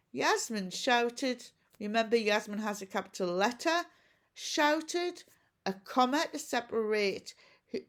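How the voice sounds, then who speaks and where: A woman teacher talks through a recorded lesson for children at home. She speaks slowly and patiently, asking questions and explaining each step. Her voice sits a little high. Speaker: primary school teacher.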